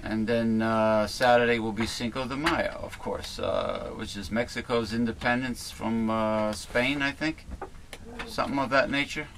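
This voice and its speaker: A man's voice: medium pitch, steady tone, unhurried, background noise. A man hosting a casual talk show, rambling and chatty, with many fillers and restarts. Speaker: host.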